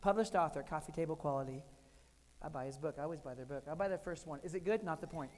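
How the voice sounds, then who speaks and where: A man's voice: fairly high pitch, quick pace, a little mellow. An older American man giving a keynote talk, telling funny personal stories in short, punchy phrases. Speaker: keynote speaker. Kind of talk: humorous keynote storytelling. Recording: echoey hall.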